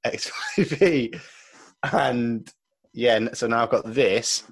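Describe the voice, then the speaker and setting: Picture a guy in loose podcast banter, mid-pitched and easygoing, cursing freely and telling stories with plenty of laughs. Nothing formal about the way he talks. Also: slow, breathy edge. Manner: swearing, joking storyteller, laughs often. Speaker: podcast co-host. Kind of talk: casual banter.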